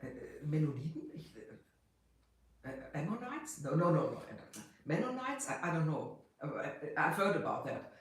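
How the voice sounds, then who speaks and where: A middle-aged person from West Germany with a German accent tinged with Austrian, chatting casually on a livestream, halting and full of fillers, greeting viewers in several languages. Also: mid-range voice, very animated. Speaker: livestream host. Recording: very echoey room.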